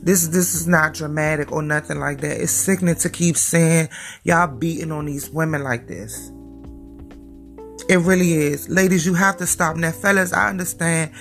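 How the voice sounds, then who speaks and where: A woman's voice: low-pitched, steady tone, moderate pace, vocal fry, faint music behind. A woman vlogger giving emphatic, slangy, lecturing commentary straight to her viewers. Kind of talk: direct-to-camera commentary.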